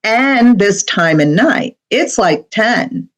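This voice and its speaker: Slow-talking woman telling a story. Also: medium pitch, expressive, poor audio. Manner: conversational, with many fillers and asides. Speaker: guest medium. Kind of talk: recounting a personal story in a podcast interview.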